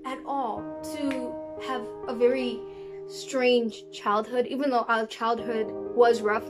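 A young woman from South Africa talking casually to camera in a sassy, animated way. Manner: sassy and animated, talks with big pitch jumps. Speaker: vlogger. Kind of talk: casual vlog talk to camera.

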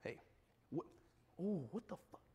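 A man chatting casually on a livestream, excitable and repeating short phrases over and over. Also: high-pitched, measured pace. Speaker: streamer. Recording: roomy echo with clear background noise. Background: dog barking.

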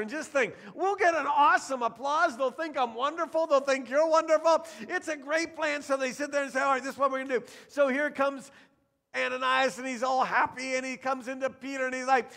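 A middle-aged man preaching a sermon in a church, telling stories in a lively way and acting out what the people in them say. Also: extremely high pitch, fairly quick. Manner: animated storytelling, acting out characters' lines. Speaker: pastor. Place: church sanctuary. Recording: long church hall reverb.

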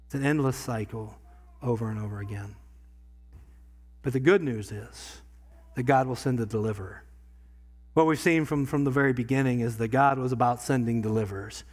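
A pastor preaching a sermon in a church, talking conversationally and swinging from quiet asides to loud bursts. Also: male voice, mid-range voice, moderate pace, long pauses. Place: church sanctuary.

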